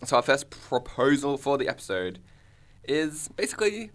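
A man's voice: mid-range voice, very animated, normal speed. A man co-hosting a casual comedy chat show, dry and teasing, poking holes in his partner's logic. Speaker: co-host.

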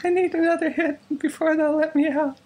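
Creepy falsetto ghost in the machine, timid and lonely, as a man puts it on. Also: flat delivery, a little fast, a little mellow, a little hiss or hum. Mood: eerie. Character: creepy lonely man trapped inside a computer.

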